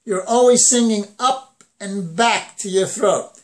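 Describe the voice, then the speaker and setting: A man with a high, light speaking voice teaches singing and speaking. He talks slowly and carefully, stopping to sing a phrase or hum a note to show each placement. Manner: slow, explanatory, breaks into sung phrases to demonstrate. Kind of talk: vocal lesson with sung demonstrations.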